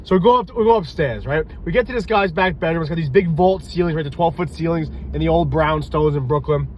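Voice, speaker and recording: On a casual vlog shot outdoors near a street, a tired, loopy man, a reptile breeder and police officer, rambles through animated stories and swears freely. His voice runs on the high side and fast, and the audio is poor with a little hiss or hum.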